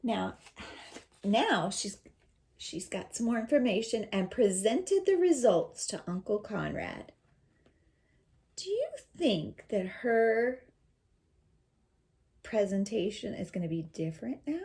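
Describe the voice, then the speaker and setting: A woman teacher reading a picture book aloud to children, slowly explaining words and asking questions. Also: medium pitch, lively intonation, mellow. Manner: slow, explains words and asks listeners questions. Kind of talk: children's read-aloud with commentary.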